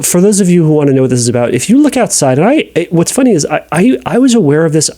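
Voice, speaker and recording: A man hosting a podcast, answering a listener's question in a casual, animated monologue, often acting out an inner voice. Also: medium pitch. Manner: animated, talks through examples in acted inner voices, restarts often.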